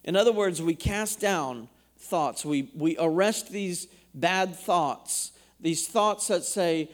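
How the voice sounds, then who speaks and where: High-voiced man preaching a sermon. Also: slow, hardly any pauses. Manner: preaching, reads scripture aloud and asks the congregation questions. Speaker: pastor. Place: church.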